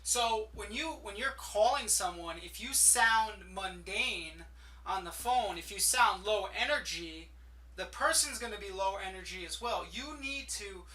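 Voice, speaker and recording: A man's voice: sits high, bright, forceful tone. A man teaching sales in a loose, rambling way, full of fillers and restarts. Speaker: sales coach and business owner. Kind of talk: casual teaching talk to camera. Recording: echoey room, mic at a distance.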